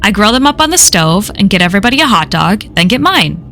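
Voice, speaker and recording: A woman's voice: medium pitch, very animated, fast talker, a bit bright, faint music behind. A woman reading a first-person horror story aloud on a live stream, in a casual, conversational telling full of swearing.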